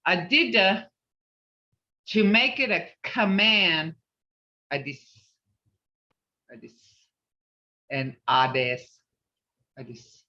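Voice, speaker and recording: Slow, patient older language teacher. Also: medium pitch, sharp tone, far from the mic. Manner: repeats and drills words, chatty asides. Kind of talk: teaching an online language class. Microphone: video call. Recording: roomy, dull video-call audio.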